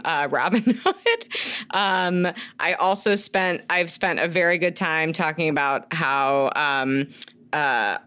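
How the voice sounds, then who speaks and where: A woman's voice: on the low side, a bit bright, clear, resonant tone. A woman co-hosting a casual podcast, often gasping and laughing in theatrical shock. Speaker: podcast co-host.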